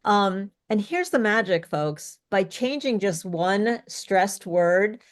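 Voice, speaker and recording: A woman's voice: mid-range voice, animated, slow. A woman speech coach presenting an online workshop, encouraging and checking in with her co-presenter and the audience. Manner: encouraging, asks checking questions. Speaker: speech coach, co-host of webinar.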